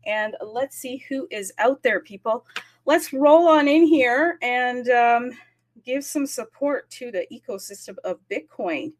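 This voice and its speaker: A woman's voice: a little high, lively intonation. Chatty woman hosting a livestream. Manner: chatty, upbeat, greets viewers city by city; frequent fillers, self-aware about talking fast. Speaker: livestream host. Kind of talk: casual crypto livestream chat.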